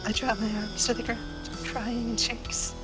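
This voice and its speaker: A woman's voice: on the high side, flat delivery, measured pace, close to an everyday voice. A woman voicing a foul-mouthed raging fiend. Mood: anguished. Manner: venomous, swearing, slipping into sobs. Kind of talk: voiced visual novel reading. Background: game music.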